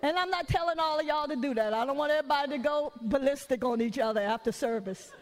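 High-voiced woman preaching conversationally. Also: quick pace, in a large hall. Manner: storytelling, acts out quoted voices, joking asides. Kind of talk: conversational sermon.

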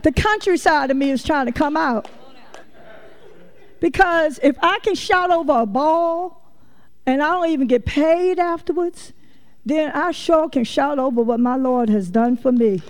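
Here a woman preaches at an unhurried pace, her voice high. She spins folksy tales with energy and speaks straight to the people in her congregation.

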